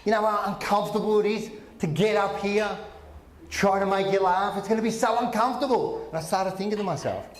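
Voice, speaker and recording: A man doing brash stand-up comedy at a live function, teasing the crowd with loud outbursts. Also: sits high, fairly quick, a little hiss or hum. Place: function room with a live audience. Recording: echoey room with audience.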